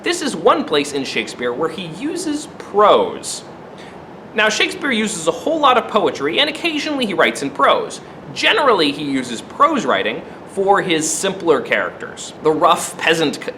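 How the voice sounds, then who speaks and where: A man teaching a literature lesson. His voice sits fairly high and swoops lively up and down, and he keeps his explanations animated, with wry asides. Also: normal speed, slight background noise.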